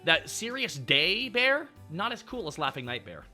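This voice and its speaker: Bright, high, animated male streamer. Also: normal speed. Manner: excitable, rambling, thanks donors aloud. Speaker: streamer host. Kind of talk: casual live-stream chat. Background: faint background music.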